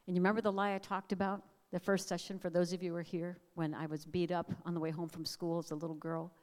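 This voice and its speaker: A middle-aged woman speaking at a family camp, preaching earnestly in measured phrases and sharing personal testimony. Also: fairly low pitch, level tone, darkish tone. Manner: earnest, prayerful, measured cadence with emphatic repeated lists. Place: large hall. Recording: long hall reverb.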